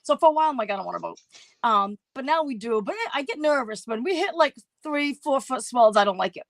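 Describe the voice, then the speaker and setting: A woman's voice: high voice, lively intonation, fast talker, dry recording. A middle-aged woman telling a story on a casual livestream chat, acting out her own past voices. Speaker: co-host.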